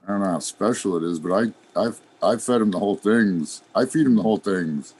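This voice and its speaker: A man with a lowish voice talks in a loose, laid-back way, rambling and trailing off as he goes. He laughs easily and keeps it casual. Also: a little fast, darkish tone, breathy edge. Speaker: podcast regular, worm grower. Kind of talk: casual chat.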